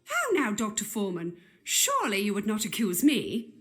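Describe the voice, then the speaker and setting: A woman's voice: medium pitch, wildly swooping pitch, moderate pace, fairly bright tone, soft background music. An actress playing a fussy, gossipy Elizabethan noblewoman with prim, breathless old-fashioned speech. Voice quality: prim, breathless period diction. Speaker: patient. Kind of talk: period game voice acting.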